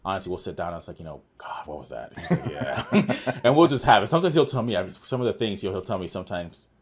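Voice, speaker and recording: An office manager appears as a guest on a podcast, speaking in a fairly low voice at a quick pace. In casual conversational storytelling, he earnestly recounts workplace tales, animatedly acting out dialogue and often restarting.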